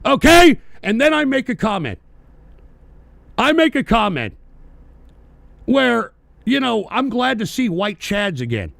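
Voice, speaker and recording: A man hosting a radio show, delivering a profane, angry political rant that often breaks into shouting. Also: high-pitched, very animated, a little slow, vocal fry, long pauses, no echo.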